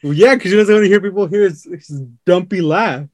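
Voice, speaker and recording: A man's voice: high-pitched, fairly quick, no echo. Slangy young man hosting a podcast. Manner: joking banter, slangy. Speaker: podcast host reading fan questions. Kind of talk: casual chat.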